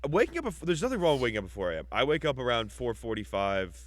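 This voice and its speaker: A man's voice: mid-range voice, big pitch swings, fast. A man co-hosting a podcast, talking bluntly and teasing his co-host in casual chat. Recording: dry close mic.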